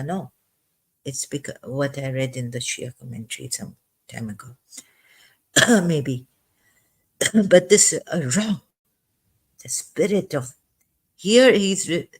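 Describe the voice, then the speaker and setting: A slow-spoken commentator works through a scripture verse word by word, lingering on single terms and circling back to them. The delivery halts often, with repeated words and fresh starts, and a cough keeps coming back. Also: mid-range voice. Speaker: religious commentator.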